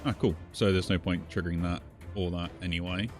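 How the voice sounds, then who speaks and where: A man with a low, deep voice talks casually through a game he is playing. He thinks out loud, weighing each move as he goes. Soft game music plays faintly in the background. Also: fairly even intonation, brisk. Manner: musing, thinks aloud while playing. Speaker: gaming streamer. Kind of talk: casual gameplay commentary.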